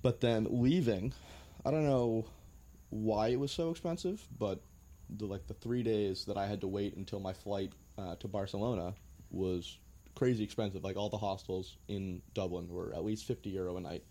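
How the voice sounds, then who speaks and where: A man's voice: fairly low pitch, normal speed, dark tone. A young American man telling travel stories in a laid-back, joking way, with some swearing. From United States. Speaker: guest. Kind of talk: casual storytelling.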